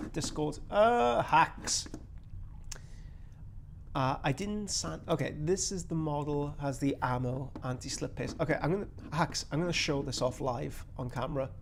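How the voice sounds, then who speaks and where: This fairly high, creaky male voice comes with a faint hiss or hum. He's a live streamer building miniatures, chatting in a loose, rambling way, making jokes at his own expense and muttering to himself mid-task.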